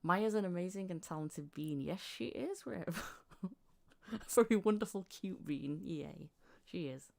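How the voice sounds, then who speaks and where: Low, gravelly woman hosting a stream. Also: slow, hardly any pauses. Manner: relaxed, reads out viewer questions with fillers. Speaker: livestream host and voice actor. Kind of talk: casual livestream chat reading questions.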